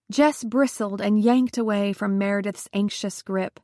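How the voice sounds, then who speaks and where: Brief: woman reading a thriller novel aloud, unhurried, dry booth sound. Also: mid-range voice, a little mellow, no echo. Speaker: audiobook narrator. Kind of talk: scripted narration.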